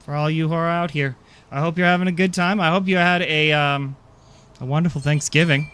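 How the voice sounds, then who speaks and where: A man's voice: on the high side, steady tone, a little fast, fairly bright tone, a little hiss or hum. A man streaming a game, chatting casually with his viewers in a rambling, self-deprecating way. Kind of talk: casual live-stream chat.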